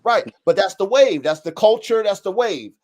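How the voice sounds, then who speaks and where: A man in his thirties hosting a casual podcast chat, animated and slangy, with blunt profanity and acted-out customer quotes. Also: sits high, normal speed. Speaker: podcast host. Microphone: live-stream call setup.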